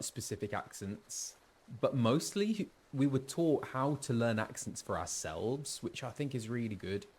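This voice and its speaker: A man's voice: medium pitch, darkish tone. A voice actor chats casually while he plays a game. He talks easily and fills his speech with ums and likes. His voice sits in an ordinary middle male range. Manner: chatty, full of fillers. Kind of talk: casual game stream chat.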